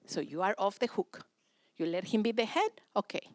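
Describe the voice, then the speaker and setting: A woman's voice: medium pitch, moderate pace, no room sound. Brief: woman, church parenting seminar speaker, matter-of-fact delivery, dry close sound. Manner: direct, practical, acts out family dialogue.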